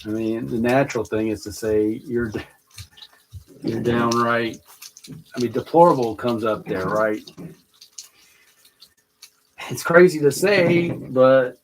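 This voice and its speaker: A man's voice: mid-range voice, takes it slowly, long pauses, a little hiss or hum, rough recording. A man thinking aloud as he drafts rhyming lines, repeating phrases and trying them out with sudden emphatic bursts. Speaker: podcast host writing rhymes. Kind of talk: thinking aloud while writing lyrics.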